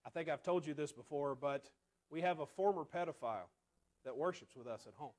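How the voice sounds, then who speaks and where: A man preaching a sermon in a conversational way, asking the congregation rhetorical questions and often dropping to quiet asides. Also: on the high side, fairly quick.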